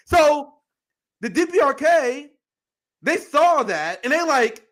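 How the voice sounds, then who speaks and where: A man hosting a political commentary show, heated and profane, reacting with outrage and bursts of shouting. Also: very high-pitched, lively intonation, slow. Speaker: show host.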